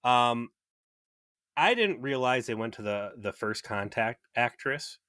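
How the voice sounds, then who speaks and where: Wry, bright-voiced man recapping casually. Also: mid-range voice, expressive, takes it slowly, no echo, clean studio sound. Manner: wry, swears freely, acts out quoted lines. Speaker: podcast co-host.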